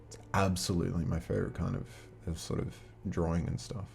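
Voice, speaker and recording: A man's voice: low-pitched, level tone, fairly quick, vocal fry, darkish tone, a little hiss or hum. A man playing a solo tabletop adventure book, reading the text aloud and chatting casually with his viewers. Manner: chatty, reads game text aloud, talks to chat. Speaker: game master.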